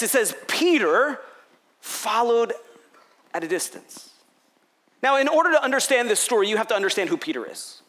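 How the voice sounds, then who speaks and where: A man preaching a sermon, retelling a scripture story and acting out its dialogue, sometimes dropping to a hushed whisper. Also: extremely high pitch. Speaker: pastor.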